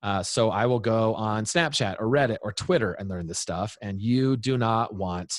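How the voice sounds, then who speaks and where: A man's voice: lowish voice, normal speed, no echo. A man in his thirties, a guest speaking to parents in an interview, talking with energy and acting out what kids say. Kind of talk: animated interview talk.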